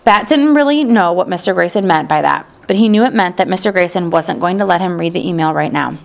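A woman narrates an audiobook in a steady, even storytelling voice. Her tone sits fairly low and has a gravelly texture. Her delivery is calm and measured.

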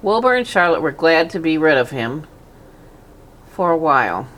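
A woman narrating a children's storybook in a gentle, even manner. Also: low voice, normal speed. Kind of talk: storybook reading aloud.

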